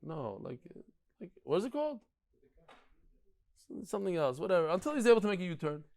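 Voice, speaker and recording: Animated man teaching a class. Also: high voice, fairly quick, gravelly. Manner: animated, digressive, tells anecdotes and stories; frequent restarts and stammered repeats. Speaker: rabbi teaching a daily Talmud class. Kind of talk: lively storytelling lecture to a live class.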